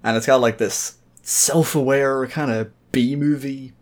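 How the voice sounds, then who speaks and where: Podcast co-host, male, mid-pitch, blunt and sweary, strong opinions. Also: steady tone, slow pace. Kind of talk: casual podcast chat.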